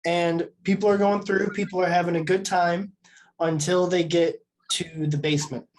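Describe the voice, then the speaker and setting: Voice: mid-range voice, flat delivery, moderate pace, slight background noise. A podcast co-host talking through a horror film casually, with many "like"s and restarts. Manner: filler-heavy, meandering speech.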